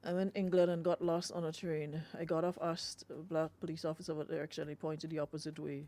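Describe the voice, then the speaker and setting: A woman's voice: sits low, level tone, a little fast, dark tone. A Grenadian woman hosting a radio show, chatting casually with lots of fillers and laughs. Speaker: radio host.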